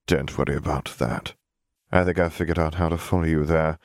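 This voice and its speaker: A man's voice: a bass voice, steady tone, dry recording, clean studio sound. A man reading as an aloof, cryptic wizard. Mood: cool, cryptic. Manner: measured, aloof, faintly menacing. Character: cryptic, cold middle-aged male wizard.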